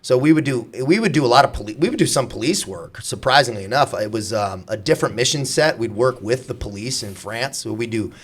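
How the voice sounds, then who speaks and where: A man's voice: medium pitch, brisk, hardly any pauses, husky. Swearing, laughing man telling war stories. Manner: profane, laughing, animated storytelling. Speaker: podcast guest, former Navy SEAL. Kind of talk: casual podcast conversation.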